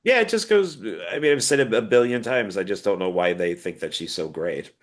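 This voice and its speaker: A man's voice: lowish voice, brisk. A man co-hosting a podcast in casual chat, teasing his partner in a jokey way. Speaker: podcast co-host.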